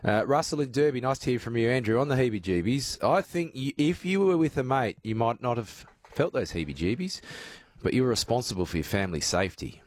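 Male talkback host, easygoing, animated pitch, dry close-mic sound. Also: dry recording. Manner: relaxed, chatty, frequent "uh" fillers, laughs easily. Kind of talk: casual radio talkback.

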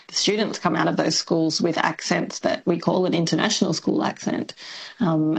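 A woman academic is a guest on a radio talk show, explaining her field in a thoughtful, measured way. Her voice is low, husky and creaky, with a fairly flat melody. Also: low-quality recording. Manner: thoughtful and explanatory, with soft laughs and fillers. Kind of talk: radio interview.

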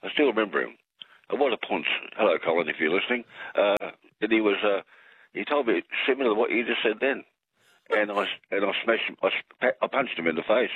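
A man's voice: on the low side, a little fast, breathy edge, no echo. An older Australian man calling in to a radio show, rambling and joking, often breaking off mid-sentence. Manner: rambling, jokey, self-interrupting. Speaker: radio caller. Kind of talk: rambling phone-in chat. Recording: dry tinny phone line.

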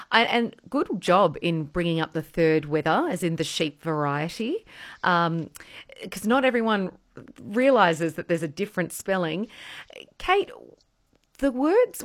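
Woman hosting talkback radio. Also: on the low side. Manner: brisk and friendly, reads out listener texts. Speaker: radio host.

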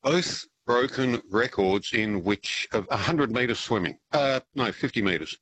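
A man's voice: mid-range voice, measured pace, fairly bright tone. Older male caller, polite and hesitant, faint phone-line hiss. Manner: polite, old-fashioned, hesitant. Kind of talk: phone-in quiz chat.

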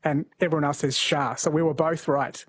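A husky, slightly higher-pitched man hosts an overnight radio quiz. He talks in a gentle, chatty way and laughs easily. The studio sound is dry and close. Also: little pitch movement, fairly quick, no echo. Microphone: studio microphone.

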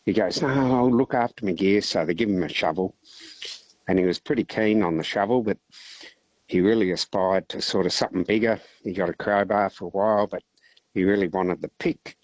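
An Australian man calling in to a radio show, telling a long joke in a relaxed, rambling way. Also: low-pitched, brisk, no room sound, highs cut off. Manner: rambling, relaxed yarn-spinning. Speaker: caller, teacher. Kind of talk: casual phone-in storytelling.

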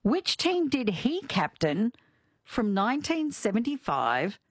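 A woman hosts a radio quiz, her voice bouncing up and down with lively energy and frequent laughter. She sounds a little higher than most women. The studio sound is dry and close. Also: slow, no room sound.

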